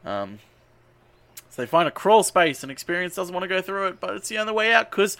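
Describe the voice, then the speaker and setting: A man hosting a podcast, loosely retelling a film's plot with plenty of swearing and filler words. His voice sits a bit high for a man. The recording is dry and close, with no room sound. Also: sing-song, fairly quick, creaky, fairly bright tone, no echo. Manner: rambling, profane, many ums and uhs. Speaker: podcast host. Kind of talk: casual movie recap.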